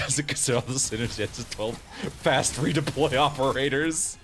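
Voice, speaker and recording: A man's voice: medium pitch, moderate pace, fairly bright tone, soft background music. A man streaming a game in casual let's-play commentary, joking, laughing often and reading game lines aloud.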